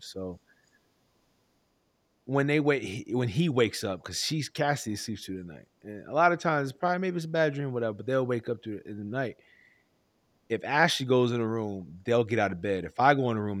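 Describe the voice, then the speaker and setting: Profane laughing dad telling stories. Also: male voice, mid-range voice. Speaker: father. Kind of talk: casual chat.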